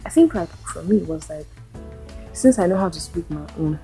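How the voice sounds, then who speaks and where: A woman's voice: fairly low pitch, animated, moderate pace, creaky, dark tone, faint music behind. A young Nigerian woman hosting a solo podcast, ranting and firing off exasperated rhetorical questions in a Nigerian accent. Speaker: podcast host.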